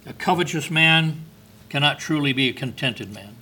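A man delivers a sermon in a husky voice with a bright, forceful edge. He talks to his listeners like a conversation and keeps asking them questions. He lifts his voice to stress key words and reads scripture in old-fashioned phrasing. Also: on the high side, expressive, normal speed. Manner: conversational preaching with rhetorical questions and emphatic lifts; reads scripture in King James wording. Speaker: preacher.

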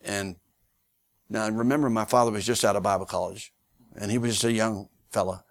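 A man preaching as a guest speaker, telling a story in a folksy, animated way with many fillers. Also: fairly low pitch, a little fast. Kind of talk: sermon storytelling.

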